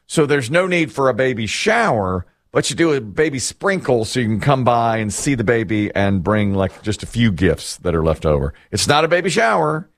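A middle-aged man hosting a casual chat, telling stories in an animated, self-mocking way. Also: medium pitch, moderate pace, few pauses, no room sound, studio quality. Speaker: host.

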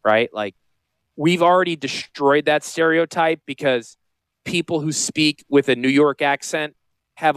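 Joking, rambling radio host, dry studio sound. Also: male voice, fairly high pitch, clean tone, dry recording. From Connecticut. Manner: joking, rambling, self-deprecating. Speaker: radio show host and financial advisor. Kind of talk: casual radio talk.

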